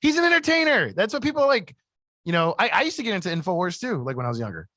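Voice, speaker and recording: A man's voice: high-pitched, very animated, rapid-fire, pushed and bright, no echo, clean studio sound. A man co-hosting a podcast in casual chat, rambling with lots of "like" and restarts. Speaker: podcast co-host.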